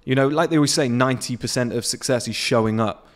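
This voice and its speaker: A men's self-improvement vlogger, late twenties, rants to camera on his patio in an off-the-cuff motivational tirade, blunt and cursing freely. He is a fast talker with a medium-pitched voice.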